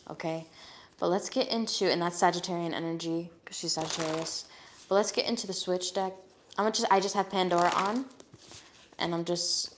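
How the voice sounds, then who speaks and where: A woman's voice: lowish voice, a little hiss or hum. A woman giving a live tarot reading, talking in a casual, blunt way and swearing freely. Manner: reads card messages aloud in a steady voice. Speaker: tarot reader.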